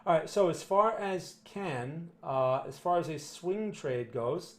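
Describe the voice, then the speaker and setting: Blunt New Jersey man, higher voice. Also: lively intonation, slow pace. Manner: emphatic, blunt, repeats "right?" and "okay?". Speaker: market analyst answering viewer questions. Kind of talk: live-stream chart commentary.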